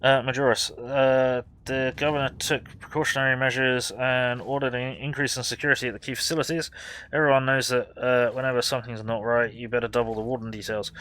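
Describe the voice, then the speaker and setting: A man's voice: mid-range voice, little pitch movement, fairly quick, a bit bright, smooth, close to an everyday voice, low-quality recording. A man voicing a brash, loyal male soldier sergeant who barks his orders and reports. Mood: reporting. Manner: barking, militaristic.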